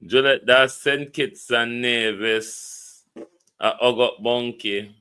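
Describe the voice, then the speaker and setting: A man's voice: medium pitch, steady tone, takes it slowly, sharp tone, clear, resonant tone. A man with a Jamaican accent hosting a casual live stream, greeting viewers by name and reading out a contact number. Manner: reads out viewer names and a phone number, chats loosely. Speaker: livestream host. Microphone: phone or computer mic on a live stream.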